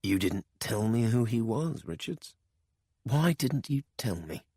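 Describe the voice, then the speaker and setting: A man's voice: on the low side, very animated, unhurried, breathy edge, no room sound, clean studio sound, heavily acted. A man doing a cold, ruthless spymaster. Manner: cold, contemptuous, quiet.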